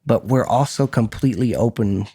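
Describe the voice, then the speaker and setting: A man's voice: medium pitch, normal speed, warm tone, breathy edge. A man co-hosting a podcast in casual chat, talking with energy, often repeating words and laughing between points. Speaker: podcast co-host.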